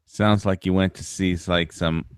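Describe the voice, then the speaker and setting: Deep-voiced crude joker, dry sound. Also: male voice, fairly even intonation, a little slow, clean tone, no room sound. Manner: crude joking interjections. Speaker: lobby chat regular. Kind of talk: casual chat.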